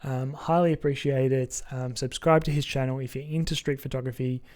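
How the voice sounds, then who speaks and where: A man hosting his own podcast, talking earnestly and haltingly with many pauses and ums. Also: medium pitch, fairly even intonation, darkish tone. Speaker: podcast host. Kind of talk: casual solo podcast talk.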